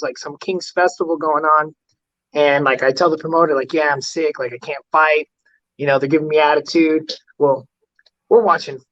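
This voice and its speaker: A man's voice: fairly high pitch, a bit bright, highs cut off. A man, a fighter guest on an interview, telling stories in a rambling way, full of "like" fillers. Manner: rambling, heavy use of "like" fillers. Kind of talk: casual storytelling interview.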